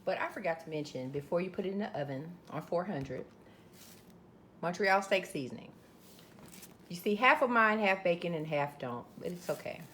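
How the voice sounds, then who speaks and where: A woman's voice: lowish voice, expressive, normal speed, a bit bright, slight background noise. A woman with a Southern US accent hosting a casual cooking video, chatting to viewers as she works. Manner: chatty, addresses viewers as y'all. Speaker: cooking channel host.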